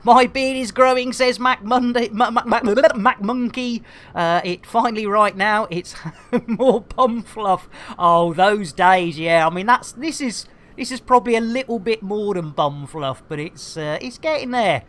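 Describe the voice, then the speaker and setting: A woman's voice: mid-range voice, a little slow, fairly bright tone. Jokey woman bantering with her stream chat. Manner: jokey, bubbly, full of silly rhyming catchphrases and innuendo. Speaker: game streamer.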